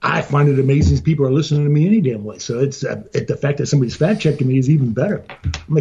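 A man guesting on a podcast in casual chat, talking fast and rambling, poking fun at himself and swearing now and then. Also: medium pitch, warm tone, lo-fi sound, a little hiss or hum. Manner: rapid, rambling and self-deprecating, with casual swearing.

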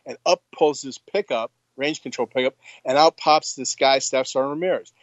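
A man's voice: medium pitch, normal speed, no echo, muffled recording. A former Marine officer, a man, telling a blunt, profane story in casual conversation.

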